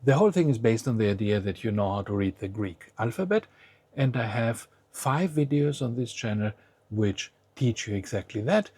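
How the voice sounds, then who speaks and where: Man, language teacher, patient step-by-step explaining, husky voice, dry close sound. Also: mid-range voice, lively intonation, normal speed, darkish tone, dry recording. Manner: patient, prompts the learner to try each word first. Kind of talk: explaining a lesson to the viewer.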